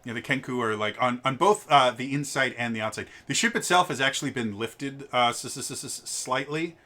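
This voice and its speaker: A man's voice: medium pitch, fairly quick, sharp tone. A man narrating as game master in a tabletop game, stammering with many fillers.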